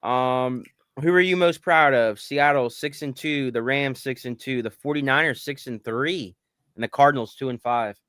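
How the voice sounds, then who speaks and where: A man in his thirties co-hosting a casual sports podcast, telling animated stories and swearing casually. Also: medium pitch, moderate pace, clear, resonant tone, no echo, studio quality. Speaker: podcast co-host.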